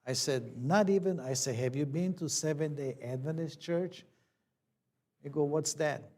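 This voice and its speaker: A man's voice: fairly high pitch, measured pace, a little mellow. A man, a church elder, telling a personal story in a plain conversational sermon, acting out the dialogue.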